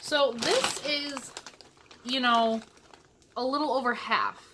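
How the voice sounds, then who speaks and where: A woman's voice: a little high, steady tone, slow pace, background noise. A young woman from Michigan chatting casually through a cooking vlog in her home kitchen, with sassy asides. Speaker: vlogger.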